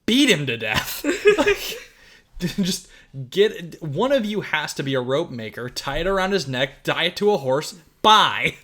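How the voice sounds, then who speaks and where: A man's voice: fairly high pitch, huge pitch swings, slow pace, fairly bright tone. A man hosting a podcast, recapping a film in a rambling, laughing, swear-heavy casual chat. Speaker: podcast host.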